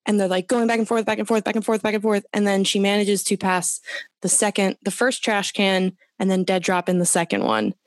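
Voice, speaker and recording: Woman podcast co-host, animated and profane recap storyteller; mid pitch, dry close recording. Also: fairly quick, no echo. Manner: animated and profane, with frequent fillers. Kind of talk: casual chat recapping a TV show.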